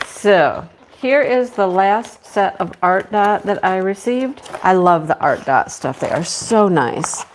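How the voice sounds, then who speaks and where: Chatty woman with a country accent. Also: mid-range voice. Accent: rural American country. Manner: chatty, greets viewers by name. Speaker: live-stream craft host. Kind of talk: casual live-stream chat. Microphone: clip-on mic.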